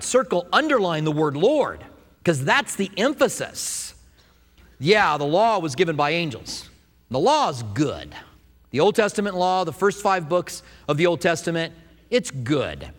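A man preaching a sermon, telling stories and acting out quotes in an animated way. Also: high voice, in a large hall. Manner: animated storytelling with acted-out quotes. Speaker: pastor.

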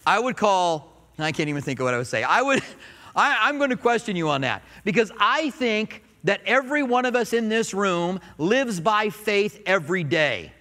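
A man preaches a sermon with a high, bright voice in a church. He's animated and playful, tossing in jokes and little asides. His voice rings out with the long reverb of a large hall. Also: moderate pace. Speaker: pastor. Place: church sanctuary.

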